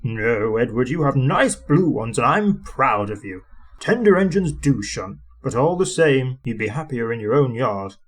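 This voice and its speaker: A man voicing a stern but kindly railway boss from a storybook, firm and authoritative. His delivery moves lively up and down. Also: mid-range voice, measured pace.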